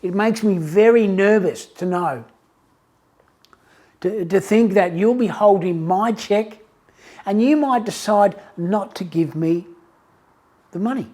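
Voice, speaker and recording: A man's voice: sits high, darkish tone. A man voicing a nervous, suspicious bank customer who stammers and pleads.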